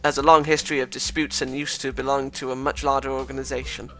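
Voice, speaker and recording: A man's voice: medium pitch, little pitch movement, fast, a bit bright, faint music behind, close to an everyday voice. A Welsh man voicing a paranoid, conspiracy-minded schoolboy who rambles and trips over his words. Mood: conspiratorial.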